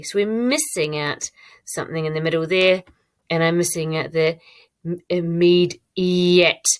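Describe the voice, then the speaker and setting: A woman teacher giving a recorded online lesson, modelling her own writing aloud in a clear, encouraging way. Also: low-pitched. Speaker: primary school teacher.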